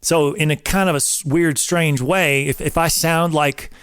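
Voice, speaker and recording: A man's voice: fairly high pitch, steady tone, a little slow, a bit bright, smooth, no echo, clean studio sound. A man in his forties giving an emphatic, coach-like talk on faith and marriage, like a drill instructor. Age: 40s. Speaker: host. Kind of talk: casual preaching talk.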